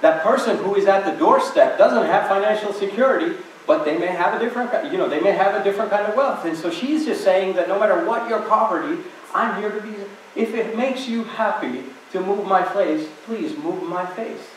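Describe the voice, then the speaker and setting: A man's voice: high voice, a little fast. Man telling stories in an echoey hall. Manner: conversational storytelling. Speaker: speaker at a temple talk. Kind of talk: reflective spiritual talk with stories. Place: temple hall. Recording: echoey hall from far off, faint hiss.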